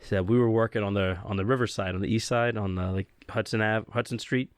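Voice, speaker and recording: Male podcast host, animated storyteller. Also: on the low side, fast talker, clean tone, no room sound, clean studio sound. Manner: animated storyteller, laughs easily. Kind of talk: casual chat between old friends.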